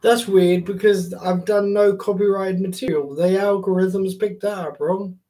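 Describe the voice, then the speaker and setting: A male live streamer talking loosely to his viewers. He jokes around and swears casually. His voice sits a touch high, and he takes his time. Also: steady tone, measured pace, mellow. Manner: chatty and jokey, swears casually.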